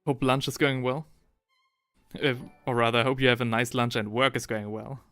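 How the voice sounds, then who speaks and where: A man's voice: medium pitch, steady tone, normal speed, fairly bright tone. A man in the middle of his voice range, chatting casually on a live hobby stream. He rambles and often restarts mid-sentence, reading viewer messages aloud, with faint music playing underneath. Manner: rambling, self-correcting, reads chat aloud. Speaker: livestream host painting miniatures. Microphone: headphones with desk mic.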